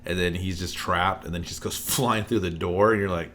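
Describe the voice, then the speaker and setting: Low-voiced man riffing on a movie. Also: steady tone, fairly quick, a bit bright, a little hiss or hum. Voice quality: laughs often, swears casually, acts out movie lines. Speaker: podcast co-host. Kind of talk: casual movie review chat.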